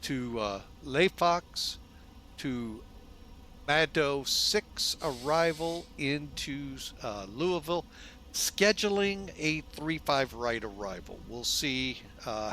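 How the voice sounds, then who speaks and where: A man hosting a flight simulator video in a casual, folksy way, relaxed and loose with lots of fillers, often speaking to viewers as folks. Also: medium pitch, slow pace. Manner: chatty, folksy, keeps calling viewers "folks". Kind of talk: casual narrated simulator walkthrough.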